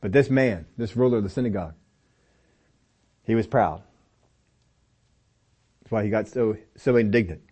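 A man's voice: lowish voice, normal speed, long pauses, mellow, slightly rough. A man teaching from the Bible in a sermon, speaking emphatically and repeating phrases for stress while talking straight to his listeners. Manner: talks directly to listeners, sometimes by name.

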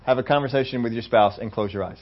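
Lively male preacher on a dull recording. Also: medium pitch, fast talker. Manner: lively preacher acting out scenes, swinging between loud exclamations and hushed asides. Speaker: pastor. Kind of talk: sermon.

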